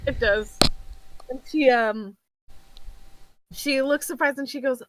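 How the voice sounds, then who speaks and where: A woman player in a tabletop game, chatting about what her character does. Her voice sits fairly high. The sound is dry and close. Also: slow, long pauses, no room sound, poor audio. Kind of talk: describing her character's actions.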